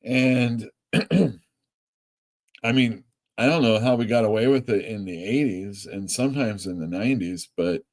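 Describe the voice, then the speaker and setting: Rambling comic shop owner chatting. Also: male voice, fairly low pitch, a little mellow. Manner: chatty and rambling, swears freely, quick laughs. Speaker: comic store owner and show host. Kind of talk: casual live-stream chat.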